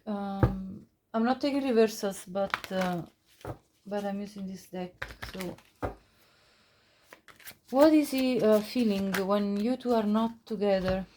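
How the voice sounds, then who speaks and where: A woman's voice: mid-range voice, takes it slowly, pauses often, background noise. A woman giving a casual pick-a-card tarot reading, chatty, with frequent laughs and many fillers and restarts. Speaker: tarot reader.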